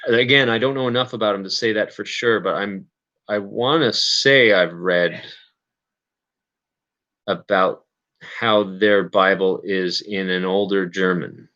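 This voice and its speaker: Low-voiced man rambling on a livestream. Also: a little slow, sharp tone, lo-fi sound. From Canada. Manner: rambling, hesitant, self-correcting with many fillers. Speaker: livestream host. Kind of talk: casual livestream chat.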